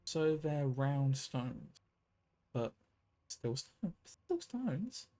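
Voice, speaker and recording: A man's voice: on the high side, big pitch swings, drawn-out words, mellow, exaggerated voice. A man voicing a cheeky, impatient little village girl, reading game dialogue aloud. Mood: teasing.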